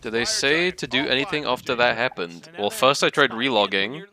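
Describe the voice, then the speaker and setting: A man's voice: mid-range voice, moderate pace, pushed and bright. A man streaming with a friend while watching a pro match, talking casually, laughing and swearing. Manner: chatty, swears, laughs often.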